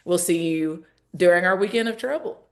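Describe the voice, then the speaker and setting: Energetic Southern woman hosting a rally call. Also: fairly low pitch, moderate pace. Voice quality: lively, folksy, calls out to the audience. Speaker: call host and organizer.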